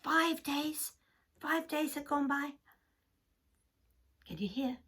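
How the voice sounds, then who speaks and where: Woman storyteller for children, high, animated, breathy, very slow. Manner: gentle, breathy, often drops to a whisper.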